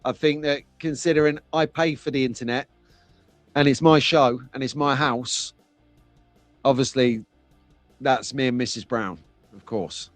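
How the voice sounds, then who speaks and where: A man's voice: mid-range voice, fairly even intonation, a little slow, pauses often, dry recording, faint music behind. Chatty man hosting a live stream. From England. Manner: chatty, jokey, reads out chat comments. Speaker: host of a live slot car stream. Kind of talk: casual live-stream chat. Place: home.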